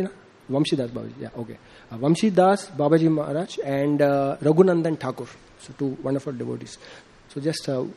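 A man giving an informal devotional sermon, telling a story with acted-out dialogue and many fillers. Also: dark tone. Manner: acts out quoted dialogue with rising pitch, frequent fillers. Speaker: speaker giving a devotional talk.

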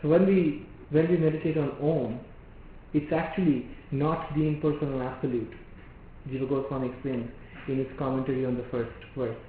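Male preacher, devotional lecture, measured and explanatory, very echoey hall, tinny phone-like sound. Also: medium pitch, fairly even intonation, slight background noise. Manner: measured, explanatory, rhetorical questions.

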